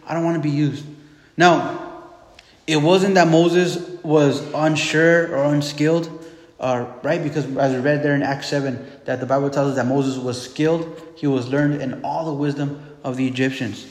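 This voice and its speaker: A man preaching in a relaxed, conversational way, retelling scripture in plain modern words and voicing the people in the story. His voice sits a little high. The sound rings through a big echoey hall with a long reverb tail. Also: moderate pace. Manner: retells scripture in casual everyday speech, acting out voices. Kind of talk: sermon.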